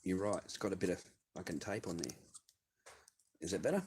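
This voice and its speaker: A man's voice: deep voice, brisk, darkish tone, slight background noise. A middle-aged man with an Australian accent, hosting a casual livestream and answering viewers in a blunt, profane, rambling way. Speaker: livestream host reading viewer messages.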